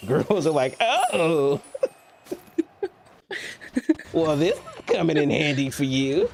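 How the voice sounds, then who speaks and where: A man's voice: fairly high pitch, moderate pace, creaky, darkish tone, slight background noise. A man streaming a video game, chatting casually with a friend, teasing and swearing. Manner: teasing, profane, laughs often. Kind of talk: casual gaming chat.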